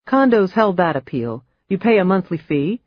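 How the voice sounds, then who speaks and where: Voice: medium pitch, big pitch swings, normal speed, no room sound, dull audio. A narrator reading a thriller audiobook with dry, wry storytelling. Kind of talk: scripted narration.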